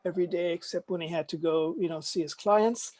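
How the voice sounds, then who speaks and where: A man's voice: high voice, fairly even intonation, brisk, a little mellow. Thoughtful middle-aged man, faint German accent. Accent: slight German. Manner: thoughtful, hesitant, many ums. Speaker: actor and panel guest. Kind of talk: casual video-call panel chat. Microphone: video call.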